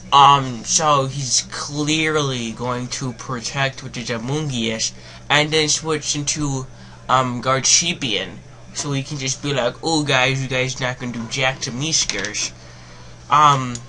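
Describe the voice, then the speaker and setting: A young man talks through his own match as it happens, with a bright, forward voice that sits at an ordinary pitch for a man. He rambles and fills every gap with "um," drops into glum mutters, then yells when things swing his way. It sounds like a home desk mic. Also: a little hiss or hum. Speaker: gaming commentator. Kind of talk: live game commentary.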